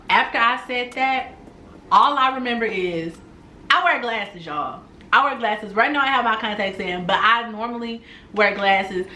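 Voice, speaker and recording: Woman, storytime vlog, animated, slangy, crisp bright voice, echoey room. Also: medium pitch. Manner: animated, slangy, talks straight to viewers. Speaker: storytime YouTuber.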